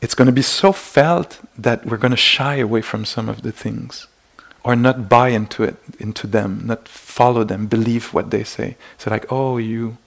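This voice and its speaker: Gravelly-voiced male meditation teacher. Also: medium pitch, fairly even intonation, normal speed, hardly any pauses. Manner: gentle, searching, many restarts and acted-out inner exclamations. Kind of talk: dharma talk. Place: meditation retreat hall.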